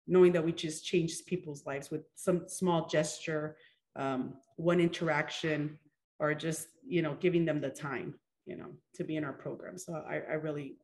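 A woman in her forties, a children's program director, talking in a rambling way with lots of fillers and restarts. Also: deep voice. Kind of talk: casual interview chat.

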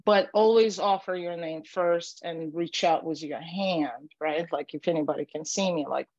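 A woman matchmaker and dating coach giving casual podcast advice, chatty and animated, acting out sample lines and often asking "right?". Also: fairly low pitch, moderate pace, dry recording, lo-fi sound.

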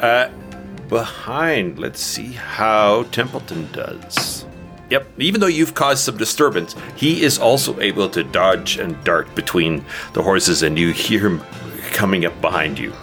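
Casting: lower-pitched male dungeon master, descriptive, easy laughs, faint music bed. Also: lively intonation, unhurried, a bit bright. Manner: descriptive, laughs easily mid-narration. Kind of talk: narrating a tabletop game.

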